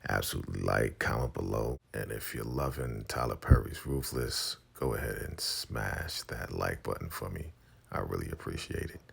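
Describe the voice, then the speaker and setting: Very deep, gravelly man recapping a show. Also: normal speed. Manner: animated storytelling, acting out scenes. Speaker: TV recap vlogger. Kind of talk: casual TV episode recap.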